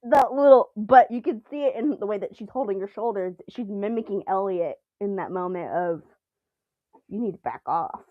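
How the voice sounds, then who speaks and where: Woman co-host, lively casual chatter with frequent laughs, dry close sound, a bit lo-fi. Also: medium pitch, fairly quick, hardly any pauses, no echo. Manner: animated, laughs often, playful voice imitations. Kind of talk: casual chat reacting to a TV episode.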